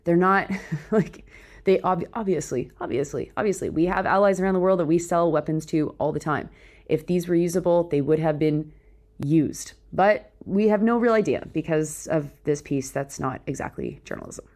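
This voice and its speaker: A woman's voice: sits low, normal speed, darkish tone. A woman hosting opinionated news commentary, reading out quotes and breaking into sarcastic, incredulous asides.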